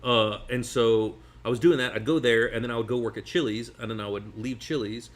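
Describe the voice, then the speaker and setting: Fast-talking man telling rambling stories. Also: mid-range voice. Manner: rambling, animated, many restarts. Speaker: magician guest. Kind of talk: casual storytelling chat. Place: sitting at a table over food.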